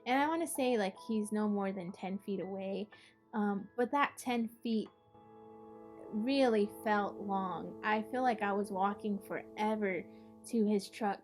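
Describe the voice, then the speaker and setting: A woman's voice: mid-range voice, a little slow, darkish tone, soft background music. A young adult woman hosting an art session, telling a personal story in a casual way with many "like"s and "you know"s. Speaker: art project host and storyteller.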